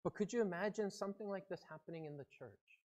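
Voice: medium pitch, fast, mellow. A pastor preaching a sermon in an earnest, conversational way.

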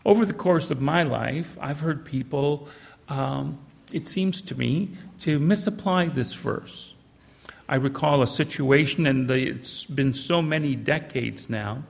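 Gravelly old man preaching in a reverberant hall. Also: a little high. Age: older. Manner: measured scripture reading, conversational asides. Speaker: pastor. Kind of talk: sermon.

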